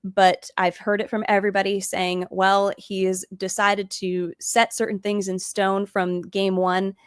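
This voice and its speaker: A woman hosts a streamed talk and reads viewer questions aloud in a casual way. Her voice is at an ordinary middle pitch. The sound is dry and close, with no room echo. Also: flat delivery, measured pace, smooth. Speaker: host. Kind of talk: casual discussion. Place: home stream setup.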